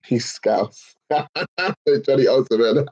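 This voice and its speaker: Husky-voiced Liverpool man chatting live. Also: medium pitch, animated, drawn-out words, a little mellow, highs cut off. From England. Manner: slangy and emphatic, peppered with bro and man. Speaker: live stream host reading chat. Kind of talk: casual livestream chat.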